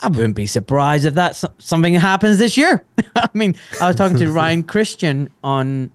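A Scottish man in his forties from Glasgow, chatting casually as a podcast guest, animated and quick to laugh. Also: fairly high pitch, no room sound. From Scotland. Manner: animated, laughs often, swears mildly. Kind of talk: casual chat.

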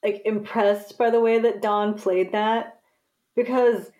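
A woman's voice: mid-range voice, fairly even intonation, slow pace, mellow. Reflective woman musing on a scene. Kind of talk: casual chat about a TV episode.

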